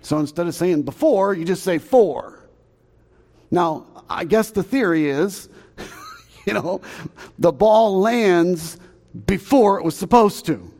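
A middle-aged Southern pastor tells a story from the pulpit, his voice a shade higher than most men's. He acts out shouts and noises and chuckles at his own jokes. The sound carries the long echo of a church hall. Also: expressive, takes it slowly, pauses often. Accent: Southern American. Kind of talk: storytelling sermon. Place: church sanctuary.

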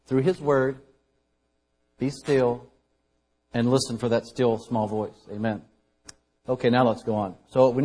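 A man preaching a conversational sermon as a pastor, shifting between loud emphasis and quiet asides. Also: mid-range voice. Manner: conversational preaching, dynamic loud and soft swings.

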